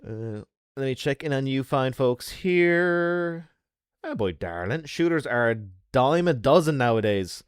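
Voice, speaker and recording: A man's voice: mid-range voice, lively intonation, a little slow, smooth, dry recording, studio quality. A man streaming games, chatting casually with viewers and telling stories full of sound effects and swearing. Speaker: game streamer.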